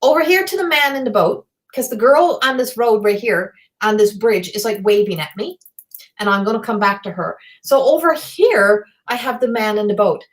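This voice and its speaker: Excitable high-voiced woman medium. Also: normal speed. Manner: rambling, excitable, swears freely. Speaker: psychic medium. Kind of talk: live channeled reading.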